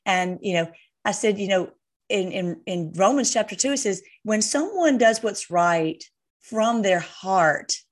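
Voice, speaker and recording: This is a woman's voice at a middle pitch in relaxed conversation about faith. She speaks haltingly, with frequent fillers, restarts and trailing phrases. The tone is informal and conversational throughout.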